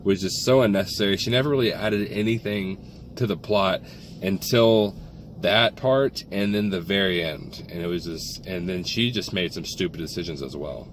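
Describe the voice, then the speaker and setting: A man's voice: deep voice, normal speed, slight background noise. A man co-hosting a casual film review, talking in rambling bursts with many restarts and fillers.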